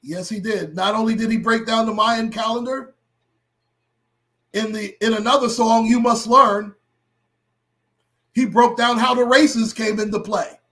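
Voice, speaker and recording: A middle-aged man hosting a livestream and talking to his chat, impassioned and blunt, with profanity that builds into shouting. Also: high voice, steady tone, measured pace, long pauses. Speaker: livestream host.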